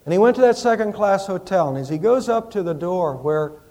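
A man preaching a Christmas sermon in a church, with impassioned rises and hushed storytelling. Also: high voice, animated, brisk. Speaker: pastor.

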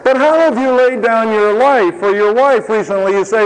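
Male pastor, high voice, sermon with dry humor and dramatic drops, church reverb. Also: normal speed, few pauses. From lived in Ohio. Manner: swings between emphatic rises and low quiet asides; tells humorous anecdotes to the congregation. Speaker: preacher.

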